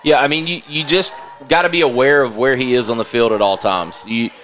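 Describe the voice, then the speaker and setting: A man with a mid-pitched voice breaks down plays in a calm, analytical way as the color commentator. Faint background ambience sits under his voice. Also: brisk, a little hiss or hum. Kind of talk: live sports color commentary.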